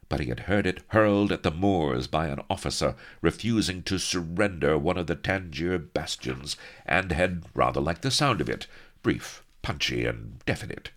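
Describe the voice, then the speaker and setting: A man's voice: sits low, a bit bright. A man narrating a comic pirate story in a wry, droll manner. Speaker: audiobook narrator.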